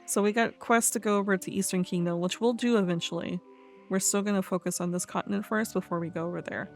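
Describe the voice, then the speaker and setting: Woman gamer host, mid-pitched, reads quest dialogue aloud between chatty asides; faint game music behind. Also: steady tone, fast. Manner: chatty, laughs often, stumbles over fantasy names. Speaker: let's play host. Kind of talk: casual gameplay commentary, reading quest text aloud.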